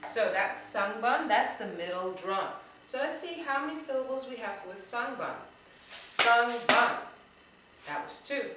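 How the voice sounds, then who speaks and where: A woman teaching a children's drumming lesson, speaking slowly and encouragingly and chanting words loudly syllable by syllable. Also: a little high, animated, noisy background. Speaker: teaching artist. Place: room full of drums. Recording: echoey room, voice a bit far from the mic.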